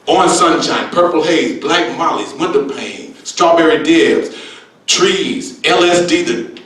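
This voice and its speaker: An unhurried stand-up comedian in his sixties, his voice on the high side and fairly bright, plays it brash and streetwise with wild exaggeration. He keeps peppering in "baby," and a distant mic records him in an echoey room.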